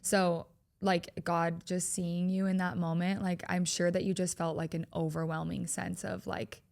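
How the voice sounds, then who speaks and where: A woman's voice: fairly low pitch, flat delivery, normal speed, gravelly, darkish tone. A young woman as a podcast guest, speaking in a reassuring, reflective way. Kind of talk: candid personal chat.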